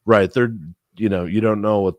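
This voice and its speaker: Speaking at normal speed in a voice on the low side, a man co-hosting a podcast delivers a long story in easygoing chat. He curses freely and performs the other people's lines with animation, and there's no room sound.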